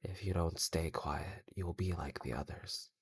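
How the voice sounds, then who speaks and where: A man voicing a cold, quiet elderly neighbor in a spoken horror story, speaking softly and evenly. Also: deep voice, normal speed, slightly rough.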